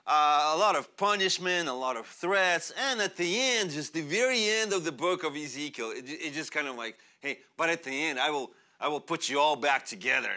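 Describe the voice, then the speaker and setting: A young man born in Russia, a pastor preaching a sermon in a church, animated and chatty, laughing often and using many fillers. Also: a little high. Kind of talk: sermon with personal storytelling. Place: church sanctuary.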